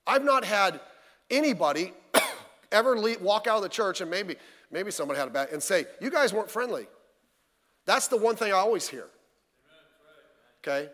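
A man's voice: high voice, fairly bright tone. A male pastor giving a midweek sermon in church, talking in a folksy, conversational way with lots of rhetorical questions. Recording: reverberant church hall.

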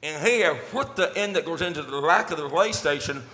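A man's voice: fairly high pitch, a little fast. A middle-aged pastor who tells funny family stories and acts out each scene before starting his sermon. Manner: animated, jokey, acts out scenes. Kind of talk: storytelling sermon intro. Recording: echoey hall reverb.

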